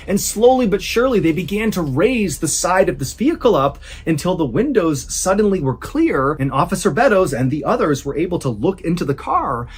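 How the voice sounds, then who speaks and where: A man hosting and narrating true scary stories in a suspenseful, conversational way, slowing down for emphasis. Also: a little high, breathy edge. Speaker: storyteller host. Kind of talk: dramatic true-story narration.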